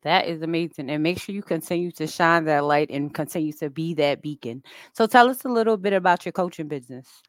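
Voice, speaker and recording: Woman podcast host, affirming, low-pitched, dry and close. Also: fairly quick, hardly any pauses, no room sound. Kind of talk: interview questions.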